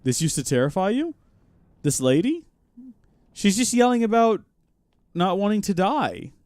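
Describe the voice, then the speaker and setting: A man streams a game live, talking in a lively voice that rises and falls a lot. His chatty, jokey commentary sounds dry and close to the mic. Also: high voice, unhurried, no room sound. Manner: chatty, jokey, reacting out loud. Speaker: host.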